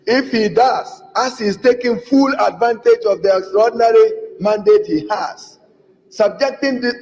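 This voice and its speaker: High-pitched Ghanaian MP in echoing chamber. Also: male voice, a little mellow, slight background noise. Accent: Ghanaian English. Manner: emphatic, repeatedly addressing the Speaker. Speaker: member of parliament. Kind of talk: parliamentary debate speech. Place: parliament chamber. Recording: dull lo-fi audio with long chamber reverb.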